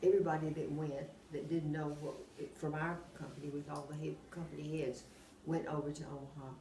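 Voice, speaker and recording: An older woman, telling rambling anecdotes in a casual, animated way and often laughing as she talks. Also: low voice, a little fast, gravelly. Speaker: oral history interviewee. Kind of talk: casual storytelling. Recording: roomy, distant mic, faint background hum.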